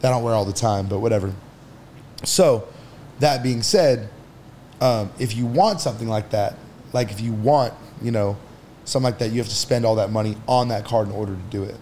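A man's voice: lowish voice, a little fast, a little mellow, slight background noise. A man on a podcast as an entrepreneur guest, talking casually and bluntly, with some swearing, while he gives advice. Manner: blunt, profane, advice-giving.

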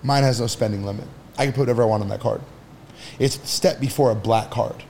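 On a podcast, an entrepreneur guest gives blunt advice in a casual style, dropping some swear words. He speaks at a quick pace with a medium-pitched, darkish voice over slight background noise.

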